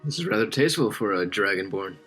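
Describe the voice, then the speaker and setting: A man joking dryly with the group during a tabletop game. His voice is low yet sharp and tense. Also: lively intonation, fast talker, soft background music. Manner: dry, joking. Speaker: player. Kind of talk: casual chat at a game table.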